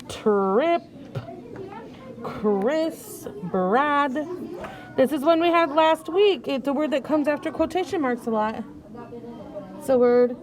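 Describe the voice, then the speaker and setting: Woman teacher, high and unhurried, sing-song coaching of young readers, children heard behind. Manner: patient, sing-song coaching, sounding out words slowly. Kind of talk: early reading lesson.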